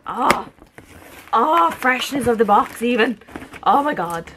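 A woman with an Irish accent vlogging an unboxing at home, rambling and gushing with excitement. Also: a little high, slow pace, noisy background. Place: her apartment.

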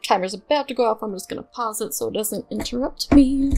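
A woman's voice: a little high, brisk, hardly any pauses, darkish tone, faint music behind. A young woman chatting casually over her gameplay, bubbly and gushing, with lots of fillers. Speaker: let's play gamer.

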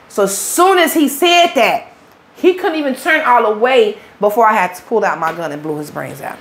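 A woman's voice: fairly high pitch, animated, brisk. A woman, an interview guest telling her own story in blunt, profane street talk.

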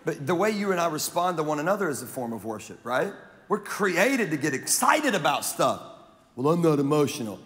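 A man from Louisiana preaching a sermon as pastor, animated and joking, with crowd banter. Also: on the high side, brisk. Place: large church auditorium. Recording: long reverb of a large hall.

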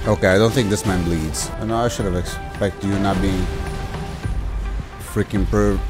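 A man giving animated let's-play commentary as a gaming YouTuber, ranting and swearing mildly with sudden shouted outbursts. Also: low-pitched, moderate pace, over music.

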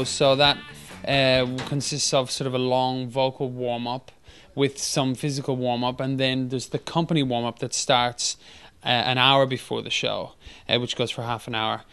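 Bright, clear-voiced Irish man. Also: medium pitch, moderate pace, faint music behind. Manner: relaxed, light-hearted, many filler words. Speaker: stage actor. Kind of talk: casual backstage interview.

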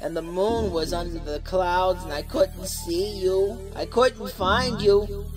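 An actor playing a husband unraveling with fear in a radio horror drama, talking frantically and then hollow and defeated. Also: male voice, high voice, slow pace, over music. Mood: haunted. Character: husband driven mad with fear, adult man.

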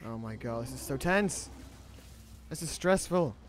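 A man's voice: medium pitch, animated, measured pace. An Irish man doing jokey, self-deprecating let's-play commentary, sounding stressed. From Ireland. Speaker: gaming YouTuber.

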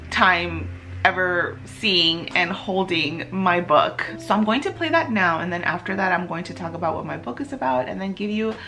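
A young woman author talking casually to her camera, warm and chatty, with bursts of gushing excitement and breathy gasps. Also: on the low side. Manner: gushing and breathless, many gasps and nervous laughs. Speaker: author and book vlogger. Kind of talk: casual vlog talk to camera.

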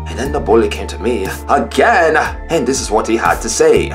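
A man narrating a comedy skit with an exaggerated, self-mocking delivery. His pitch leaps about in a lively way. Background music plays clearly behind him. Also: moderate pace, few pauses. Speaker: voice actor telling a comic story.

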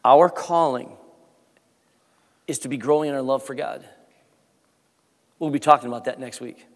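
A man, the pastor, preaching a sermon with rising emphasis and then leading a soft prayer. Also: medium pitch, normal speed. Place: church sanctuary. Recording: long church reverb.

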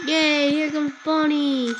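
Chatty high-voiced woman, noisy recording. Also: little pitch movement, slow. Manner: chatty, sings and hums to herself, jokingly insults the characters. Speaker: gameplay commentator. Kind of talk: let's-play commentary.

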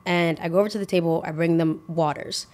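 A young woman hosting a podcast, telling a casual story full of "like" and restarts, sometimes rushing and sometimes drawing out her words. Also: on the low side. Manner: animated, filler-heavy with lots of "like". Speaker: podcast host.

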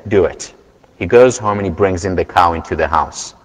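A man giving a university lecture, earnest and measured, telling stories to make his point. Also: low-pitched. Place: large lecture hall. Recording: lecture hall with long reverb.

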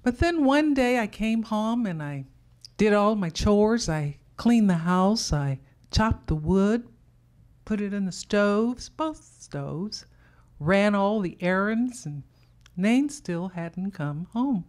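Lady telling her story, real slow, measured and heartfelt. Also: mid-range voice, expressive, a little mellow. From Louisiana. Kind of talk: live personal storytelling.

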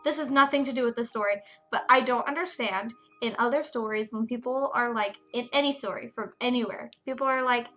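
A woman gamer chats over a story game, animated and rambling in her asides. Her voice is high and bright, and faint music plays underneath. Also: brisk, few pauses. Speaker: gaming streamer. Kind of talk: casual game commentary.

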